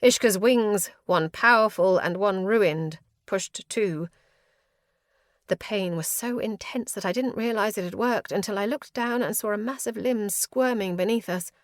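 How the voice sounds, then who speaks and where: Reading a first-person fantasy audiobook, this female narrator keeps the delivery tense and dramatic. She speaks a little slowly at medium pitch, and the clean studio recording has no room sound.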